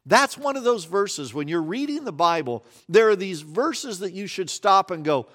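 Lively, storytelling male preacher. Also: sits high, normal speed, hardly any pauses. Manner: animated storytelling, acting out scenes with sudden quiet drops. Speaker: pastor. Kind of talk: sermon.

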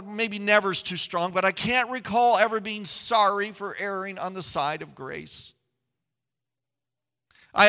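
A man preaching a sermon, telling stories with swings from hushed tones to loud, emphatic passages. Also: sits high, big-room sound. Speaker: pastor.

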